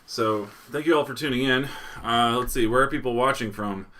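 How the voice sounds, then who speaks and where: Male live stream host, relaxed and chatty, reads viewer shout-outs, mid-pitched. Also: fairly quick, a little hiss or hum. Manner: casual, reading viewer locations aloud; chuckles often, loose restarts. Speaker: livestream host.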